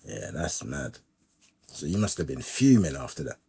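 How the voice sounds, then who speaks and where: A male podcast host who mostly listens, dropping quiet agreement and easygoing follow-up questions. His voice is deep and husky. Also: sing-song, moderate pace. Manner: brief murmured agreement, short questions. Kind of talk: casual interview.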